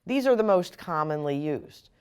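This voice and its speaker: A woman explaining software step by step in a screen-recorded tutorial. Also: low-pitched, lively intonation, moderate pace, clean tone. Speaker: software instructor.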